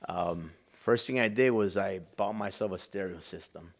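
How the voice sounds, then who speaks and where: A man's voice: low-pitched, moderate pace, vocal fry. Earnest man telling his story. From Chicago. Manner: earnest, emotional storyteller acting out dialogue. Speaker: guest. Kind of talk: storytelling in a podcast interview.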